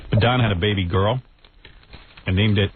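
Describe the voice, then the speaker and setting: A man's voice: lowish voice, normal speed, slight background noise. A man hosting a radio show, riffing crudely with mock outrage in comic banter. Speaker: radio host. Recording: tinny phone-like band with music behind.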